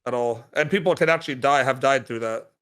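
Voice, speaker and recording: A man's voice: mid-range voice, fast talker, fairly bright tone, smooth. A man chatting casually on a podcast, rambling with many restarts and a self-deprecating tone. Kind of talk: casual chat.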